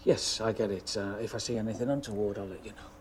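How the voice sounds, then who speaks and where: A man's voice: fairly low pitch, quick pace, noisy background, lightly acted. A man playing a hesitant office worker. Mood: awkward. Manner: hesitant, stammering and apologetic. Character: awkward, polite office worker, suspicious husband.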